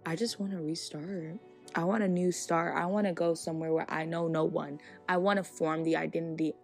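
A young woman hosts a casual solo podcast, speaking her mind in an animated, outspoken way. Her voice sits on the low side and has a gravelly, fried texture. Faint music plays behind her. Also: brisk. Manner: animated, outspoken, laughs between points. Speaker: podcast host.

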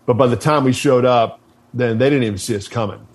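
A man of ordinary pitch tells a story from his service days in a loose, conversational way. He is blunt and swears freely, and he often trips over and restarts his sentences. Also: fairly quick. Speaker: guest, military veteran. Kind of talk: casual storytelling.

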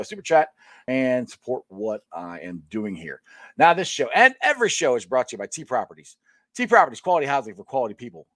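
A man's voice: mid-range voice, a bit bright, no room sound, clean studio sound. A middle-aged man hosting his own sports show, talking casually and rambling to his viewers, with frequent laughs. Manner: chatty, rambling, laughs often.

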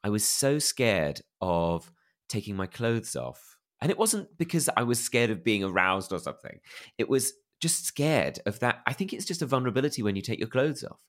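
A man from England, plummy and posh in accent, tells candid personal stories as an interview guest, poking fun at himself amid lots of fillers and restarts. His voice is medium-pitched, sing-song and fairly bright, at a moderate pace.

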